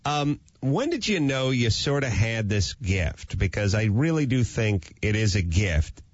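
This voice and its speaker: A male radio host with a lively, swinging pitch talks casually with his guests. The studio sound is dry and close, a little dull in the highs. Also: a little slow, dry recording. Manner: lively, laughs often, conversational.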